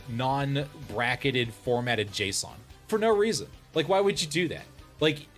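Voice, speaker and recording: Exasperated streamer man, lively swooping voice. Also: on the high side. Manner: exasperated, profane ranting with bursts of laughter. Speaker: VTuber streamer. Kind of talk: casual livestream rant.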